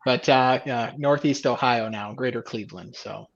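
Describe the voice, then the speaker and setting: A man from Chicago joining a live stream panel, relaxed and joking in casual chat. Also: mid-range voice, moderate pace, vocal fry. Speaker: panel guest. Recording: dull lo-fi video call audio.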